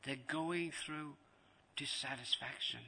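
A man's voice: on the high side, slow pace, creaky, husky. A man giving a devotional lecture as a spiritual teacher, repeating phrases for emphasis and acting out scenes. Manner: animated, acts out scenes.

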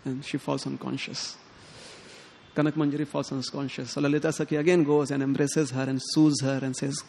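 A man giving a sermon, telling a devotional story in an animated way and acting out the characters' lines. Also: mid-range voice, brisk, vocal fry, a little hiss or hum. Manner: animated, quotes characters in lively tones, chuckles often. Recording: long hall reverb.

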